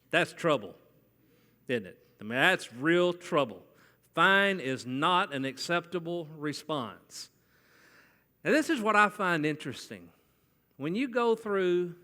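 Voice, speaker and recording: Bright-voiced male preacher in reverberant hall. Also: fairly high pitch, expressive, moderate pace. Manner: conversational, asks the congregation questions. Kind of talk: sermon. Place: church sanctuary. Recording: long church hall reverb.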